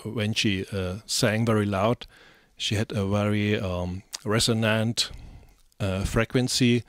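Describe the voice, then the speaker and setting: A man talks through a music software tutorial in a slow, halting way, with many ums and uhs. His voice sits fairly low. The sound is dry and close, with no room around it. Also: steady tone, dry recording. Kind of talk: screen-recorded software tutorial.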